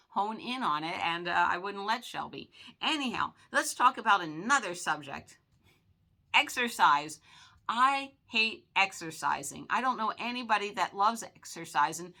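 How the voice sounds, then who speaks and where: A woman's voice: medium pitch, pushed and bright. A woman in her sixties hosting a vlog, chatting casually to viewers in a rambling, folksy way full of filler words. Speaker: vlog host.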